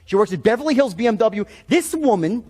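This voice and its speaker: A man's voice: high voice, very animated, brisk, darkish tone. A middle-aged man teaching sales in a blunt, profane seminar storytelling style. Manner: blunt, swearing, emphatic. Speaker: sales trainer.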